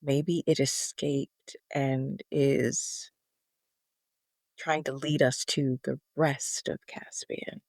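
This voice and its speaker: A person playing a character in a tabletop game, speaking softly and reassuringly with hesitations. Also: mid-range voice, level tone, drawn-out words, vocal fry, no echo, clean studio sound. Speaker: player.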